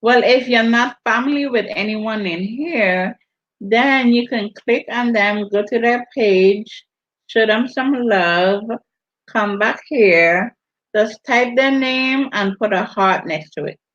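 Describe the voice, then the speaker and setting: A woman's voice: on the high side, a bit bright. A woman from the Virgin Islands with a Virgin Islands accent, hosting a casual livestream and chatting while she reads viewer comments. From US Virgin Islands (St. Thomas). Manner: unhurried, drawn-out delivery while reading viewer comments. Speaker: livestream host. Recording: dull lo-fi stream audio.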